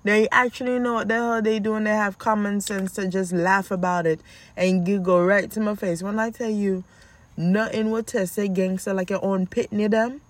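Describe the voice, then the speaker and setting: A woman, a mother of two, telling stories about her children in a casual vlog, animated and acting out her own yelling, with a lilt. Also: medium pitch, normal speed.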